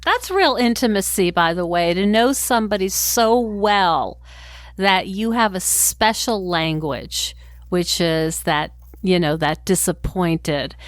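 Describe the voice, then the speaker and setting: A woman hosting an interview, a therapist who speaks reflectively and pauses to find her words. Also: mid-range voice, no echo, clean studio sound. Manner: reflective, searching for words, warm affirming murmurs. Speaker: host, therapist. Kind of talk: interview chat.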